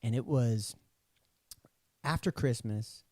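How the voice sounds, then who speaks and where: Young guy on a podcast telling a story, does the voices, warm mellow tone, dry sound. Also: mid-range voice, slow, no room sound. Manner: animated storyteller acting out quoted dialogue. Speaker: podcast guest, recording artist. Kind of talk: casual storytelling interview.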